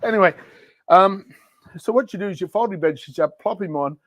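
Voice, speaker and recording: Man, livestream product host, jokey and rambling, fairly high voice, dry close sound. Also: a little fast, no echo. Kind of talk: casual product demo chat.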